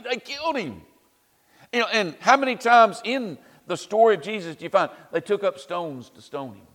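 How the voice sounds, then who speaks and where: A man's voice: high-pitched, long reverb tail. A man preaching a sermon in a conversational way, with wry asides and frequent "you know"s.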